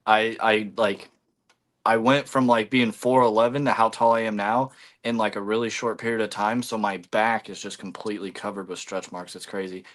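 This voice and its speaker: A man with a lowish voice hosts a casual livestream chat. He rambles through long sentences full of fillers and talks between bites of food. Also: flat delivery, moderate pace, a bit bright. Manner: chewing food while talking. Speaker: livestream host.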